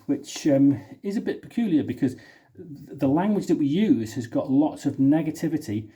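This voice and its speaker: A man's voice: a little high, animated, normal speed, dark tone. A man from the United Kingdom talking casually to camera, thinking aloud with many restarts. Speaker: singer and video host. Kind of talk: casual spoken vlog talk. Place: indoor room.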